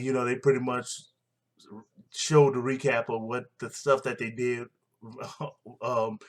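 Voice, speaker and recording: A man casually recapping a wrestling show, blunt and opinionated, rambling with fillers and restarts. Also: mid-range voice.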